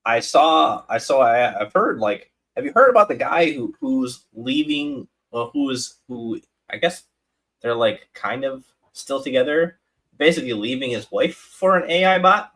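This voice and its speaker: A man's voice: mid-range voice, very animated, moderate pace, gravelly, fairly bright tone, poor audio. A man co-hosting a live stream, telling a story in casual chat with lots of restarts and fillers. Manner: rambling storyteller, many restarts and "like"s.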